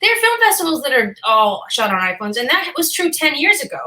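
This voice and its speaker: Boston lady in her 50s chatting on a podcast, bright voice, jokes at her own expense, drops the odd f-word. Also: high-pitched, sing-song, fairly quick, poor audio. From Boston, USA. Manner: chatty, self-deprecating, swears casually. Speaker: actress guest. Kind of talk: casual interview chat.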